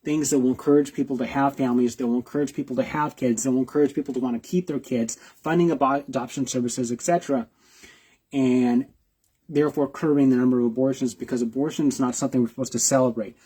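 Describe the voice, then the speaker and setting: A man's voice: medium pitch, fairly even intonation, fast talker, warm tone, slightly rough. A man, a video blogger, giving reaction commentary, repeating himself with rhetorical questions and restarts.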